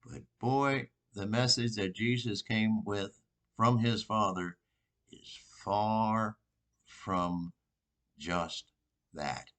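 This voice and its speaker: An older man, a priest, giving an informal, rambling sermon reflection with pauses and restarts. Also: on the low side, fairly even intonation, fairly bright tone.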